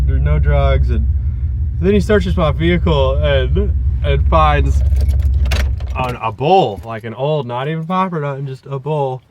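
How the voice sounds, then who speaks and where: A man telling a rambling, profane story in a casual vlog, recorded on a phone in a car. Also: on the high side. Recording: dull lo-fi phone audio, traffic noise.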